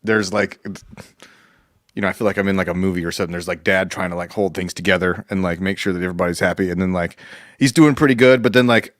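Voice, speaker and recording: A man's voice: sits low, quick pace, no echo, clean studio sound. A man hosting a podcast in casual chat, joking and telling stories, acting out family members' voices. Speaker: podcast host.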